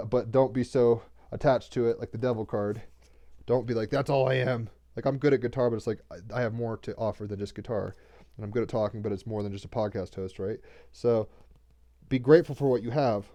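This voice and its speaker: Mellow-voiced man rambling through a card reading. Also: fairly low pitch, steady tone, fairly quick. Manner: loose, rambling, with slang and restarts. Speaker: tarot card reader and podcast host. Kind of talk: casual spiritual card reading livestream.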